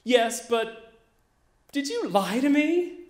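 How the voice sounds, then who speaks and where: A man voicing his outraged, cocky teenage self, high and shouting, in a live story. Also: lively intonation, slow, exaggerated voice. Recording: echoey live venue.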